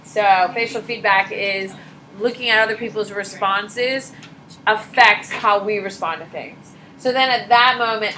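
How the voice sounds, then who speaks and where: A bright-voiced woman teaching a class in a loose, chatty way, drifting into stories and filling her talk with "like." Her lecture is casual and conversational, with faint noise behind her in the classroom recording. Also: mid-range voice, unhurried, rough recording. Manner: chatty, storytelling, full of "like" and asides.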